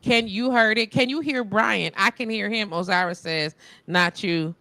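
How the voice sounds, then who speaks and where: A woman's voice: medium pitch, moderate pace, bright, forceful tone, no room sound. A woman hosting a live stream in casual chat, muttering and venting as she fixes her tech. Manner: frustrated, muttering while fixing tech. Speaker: host.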